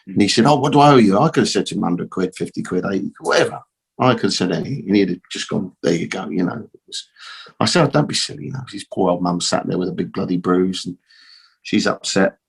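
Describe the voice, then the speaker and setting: A middle-aged man with a low, husky voice tells a story in a loose, rambling way. He repeats himself and drops in mild swearing as he goes. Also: quick pace. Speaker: guest, optical shop owner. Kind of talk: casual storytelling interview.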